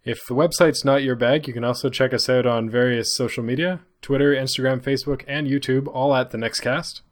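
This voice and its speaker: Brief: a relaxed male co-host with a mid-range voice; laid-back, casual delivery. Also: medium pitch, a little fast. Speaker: podcast co-host. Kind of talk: casual podcast banter and outro plugs.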